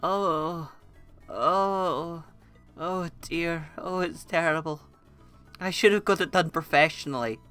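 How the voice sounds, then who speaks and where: A woman's voice: fairly low pitch, takes it slowly, fairly bright tone, clear, resonant tone, faint music behind. A woman voicing her frail, weak grandmother in her nineties, with a feeble, groaning delivery. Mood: feeble moaning.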